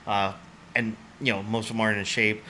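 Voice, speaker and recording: A man's voice: fairly low pitch, level tone, brisk, bright, forceful tone, a little hiss or hum. A man hosting a casual movie podcast, retelling the plot in a rambling way full of fillers. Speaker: podcast host.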